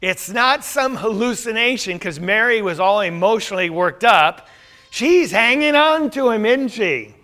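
A man's voice: high voice, lively intonation, unhurried, sharp tone. A man teaching a Bible class in a conversational way, asking the group rhetorical questions.

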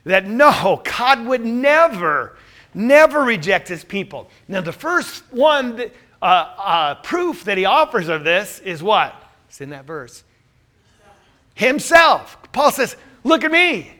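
A man's voice: sits high, very animated, slow pace, sharp tone. A man teaching a Bible class, quizzing his listeners with questions and then answering them himself.

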